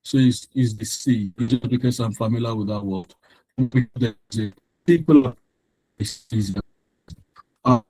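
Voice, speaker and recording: A man's voice: medium pitch, mellow, no room sound, rough recording. A male tutor explaining exam material in an online lesson, sharing his screen, repeating phrases with frequent ums and restarts.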